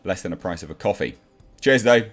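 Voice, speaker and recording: A man's voice: deep voice, animated, brisk, a bit bright. A man giving a casual, blunt movie review in a ranting way, with faint music behind him.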